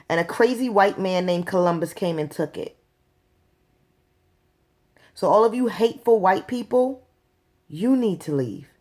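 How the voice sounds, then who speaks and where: A woman's voice: medium pitch, darkish tone. A woman hosting her own video show, talking straight to viewers in a blunt, exasperated rant. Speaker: show host. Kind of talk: casual vlog rant.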